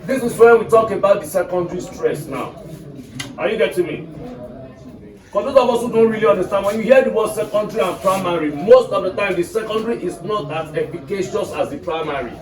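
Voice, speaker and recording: High-voiced male teacher in echoey classroom. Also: fairly quick, a crowd in the background. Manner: repeats points, quizzes class with "what?" prompts. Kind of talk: classroom English lesson. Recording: echoey room from far off, music behind.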